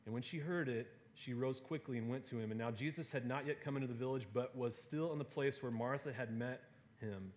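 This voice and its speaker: A man preaching a sermon to a gathered audience, talking in a relaxed, conversational way with fillers and playful asides. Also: medium pitch, a little fast.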